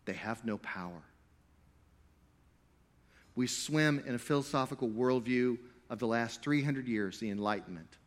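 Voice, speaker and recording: Man, pastor, preaching live. Mid-range voice, dynamic delivery that moves from booming to hushed, with a teasing, playful streak. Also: measured pace, pauses often. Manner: animated preaching, swinging between loud emphatic stretches and low quiet asides; playful, jokey with the crowd. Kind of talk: sermon to a live congregation.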